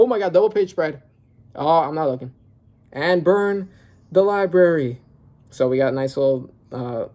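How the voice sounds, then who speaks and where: A young man reacting casually to a comic while reading it aloud, excitable and slangy, thinking aloud with lots of fillers. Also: fairly high pitch. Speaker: manga reaction creator.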